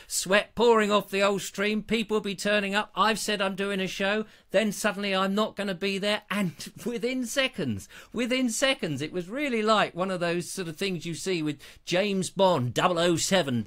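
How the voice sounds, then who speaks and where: A man's voice: high-pitched, fairly bright tone. A man hosting his own live show, chatting in a rambling, self-mocking, jokey way. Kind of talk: chatty live-stream banter.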